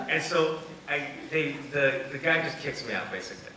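A man's voice: on the high side, moderate pace, few pauses, a loud crowd. A man, an actor and writer on a panel, telling comic anecdotes and acting out the voices in them, laughing often. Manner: animated, acts out voices in his stories, laughs often. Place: event space with audience. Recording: echoey room, distant mic, background noise.

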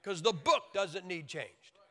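A man preaching a sermon in an emphatic, joking way, now and then mimicking wailing babies with high shouts. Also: expressive, slow pace. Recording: long hall reverb.

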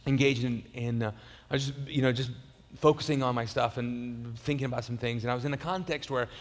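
A man's voice: mid-range voice, fairly even intonation, brisk, in a large hall. A man preaching a sermon as pastor, conversational and storytelling, with frequent restarts and repeated words. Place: church auditorium.

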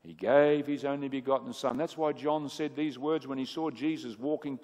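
A man preaching a sermon. He swings from booming emphasis to hushed asides and asks the audience questions. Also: fairly even intonation, normal speed. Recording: echoey hall with long reverb.

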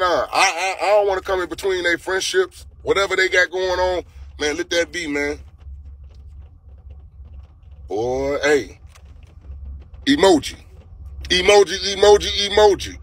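Animated high-voiced man on livestream. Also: slightly rough. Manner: animated storytelling, heavy profanity, repeats phrases. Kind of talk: casual livestream talk.

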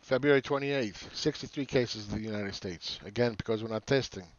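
A man's voice: on the low side, brisk, dry recording, lo-fi sound. A man hosting a market commentary channel, ranting sarcastically with exasperation and repeating phrases for emphasis. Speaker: market analyst host.

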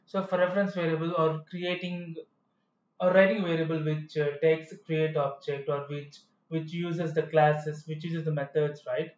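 A man's voice: on the high side, level tone, moderate pace. A man giving a coding tutorial with rambling, self-correcting explanations. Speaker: programming tutor. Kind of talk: screen-recorded coding tutorial. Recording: echoey, dull room sound.

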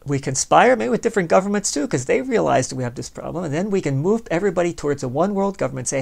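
Racing along with few pauses, a podcast host speaks in an animated, high-leaning voice with vocal fry. His monologue is philosophical, sardonic and rambling, addressed straight to the listener, as he conversationally argues both sides of an imagined dialogue.

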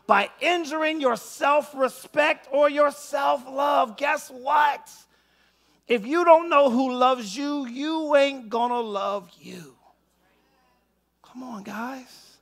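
A male pastor preaches in a very high, bright voice with a gravelly edge. He calls out to the congregation and pushes them to answer back. He often climbs into full shouts. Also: slow pace. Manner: call-and-response preaching, shouting at peaks. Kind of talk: sermon. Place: church sanctuary.

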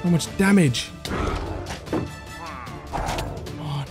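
A young man giving excitable, panicky gameplay commentary as a video host, repeating himself and swearing. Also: mid-range voice, brisk, music in the background.

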